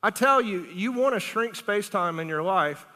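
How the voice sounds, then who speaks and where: A middle-aged male pastor preaching a lively, conversational sermon, asking the congregation questions and laughing often. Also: high voice, moderate pace. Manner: animated, conversational preaching with big swings in loudness. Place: church sanctuary. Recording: long reverb of a church hall.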